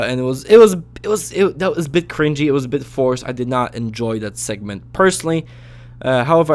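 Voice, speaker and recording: Animated man ranting casually on camera. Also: medium pitch. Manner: animated, swings between calm talk and loud yelling bursts, swears. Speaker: vlogger reviewing a TV show. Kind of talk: casual opinion rant.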